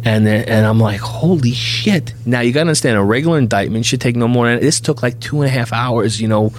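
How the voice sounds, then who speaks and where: A man's voice: mid-range voice, fast talker, slight background noise. A middle-aged man, a bail bondsman, telling anecdotes on a podcast and acting out the dialogue in them. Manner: animated anecdote teller, acts out dialogue. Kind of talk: podcast storytelling.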